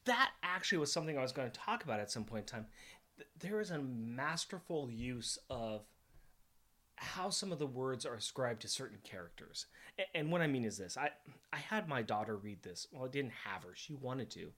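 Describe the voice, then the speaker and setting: Animated, jokey middle-aged man. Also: mid-range voice, normal speed. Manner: enthusiastic, jokey, laughs often. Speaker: podcast co-host. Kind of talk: casual comic book podcast chat.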